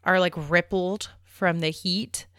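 A woman's voice: lowish voice, fairly even intonation, takes it slowly, fairly bright tone, dry recording, studio quality. A woman co-hosting a podcast, chatting casually about a TV episode with plenty of "like.". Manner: conversational, lots of "like". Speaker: podcast co-host.

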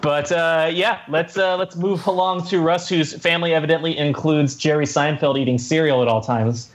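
A man's voice: on the high side, fairly even intonation, moderate pace. A man hosting a casual podcast chat, laid-back and full of fillers and laughs. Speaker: podcast host.

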